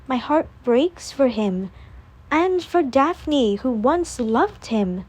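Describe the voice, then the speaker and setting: A woman narrating a first-person audiobook in a calm, measured reading voice. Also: a little high.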